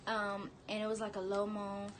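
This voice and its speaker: A woman's voice: mid-range voice, completely flat delivery, moderate pace, heavy background noise. A young woman telling her birth story in a candid, chatty vlog, now and then cooing at her baby. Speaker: vlogger, new mother.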